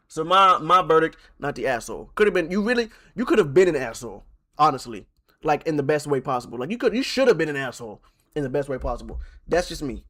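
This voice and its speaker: A man's voice: a little high, big pitch swings, fast, a bit bright. A male streamer who reads posts aloud on a live stream and reacts bluntly, swearing freely and repeating himself for effect.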